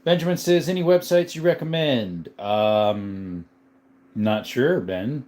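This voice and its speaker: A man's voice: fairly high pitch, very animated, slow, a little mellow. A man hosting a live stream, chatting casually, greeting viewers by name and laughing often. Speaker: livestream host. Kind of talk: casual live chat reading comments.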